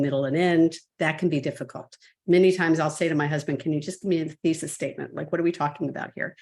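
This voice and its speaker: A woman with a lowish voice speaking as a coach in a webinar conversation. She is methodical and walks through her points one by one. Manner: methodical, lays out points in order. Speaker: parenting coach guest.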